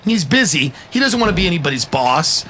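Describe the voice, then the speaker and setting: A man hosting a casual podcast chat, animated, joking and profane, firing off questions. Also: fairly high pitch, fairly quick, a little hiss or hum. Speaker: podcast host.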